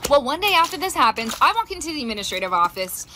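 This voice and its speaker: A woman's voice: high-pitched, sing-song, fast, sharp tone. A middle-aged mother telling a funny story about her daughter, amused and laughing as she talks. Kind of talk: storytime narration. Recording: noisy recording.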